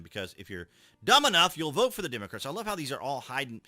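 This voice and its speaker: A man's voice: mid-range voice, wildly swooping pitch, fast, sharp tone, dry recording, studio quality. A man giving casual political commentary, reading out articles and reacting with sarcastic rhetorical questions.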